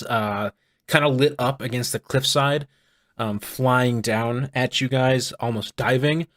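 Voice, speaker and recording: A man narrates a tabletop game as its game master, easing through the scene with plenty of ums and uhs. His voice sits at an ordinary middle pitch and is recorded close and dry, with no room sound. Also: no echo. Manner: relaxed, hesitant narration with many ums and uhs.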